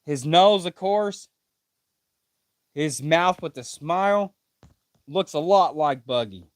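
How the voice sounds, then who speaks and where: A man streams his first reaction to a manga chapter, reading panels aloud and catching his own slips with casual swearing. His voice sits high for a man and swings widely in pitch while he talks at an unhurried pace. The sound is dry and close. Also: dry recording.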